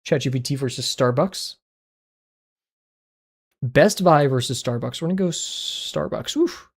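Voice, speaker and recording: Guy streaming and playing web games, chatty, yelps out loud at stuff, mutters under his breath, middle pitched voice. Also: lively intonation, takes it slowly, husky. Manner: chatty, reacting aloud with sudden yelps and mumbled asides. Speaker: art livestreamer. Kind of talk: casual livestream chat playing daily web games.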